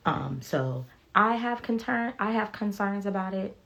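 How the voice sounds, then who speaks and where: A woman's voice: medium pitch, animated, measured pace, gravelly, a bit bright. A woman chatting casually on a phone livestream, telling stories candidly and bluntly with profanity and reading viewer comments aloud. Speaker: beauty vlogger sharing health updates.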